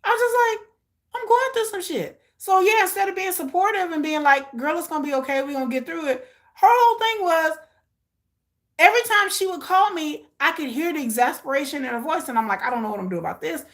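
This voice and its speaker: Woman, middle-aged, fairly high voice, blunt, emotional, swears a lot, acts out dialogue. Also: animated, fast, fairly bright tone. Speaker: live watch-along streamer. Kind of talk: casual personal storytelling.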